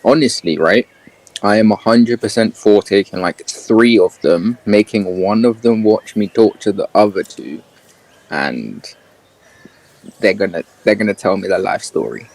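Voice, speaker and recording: A man's voice: lowish voice, measured pace, creaky, a little mellow, low-quality recording. A man playing a tabletop game, joking and bantering casually. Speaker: player.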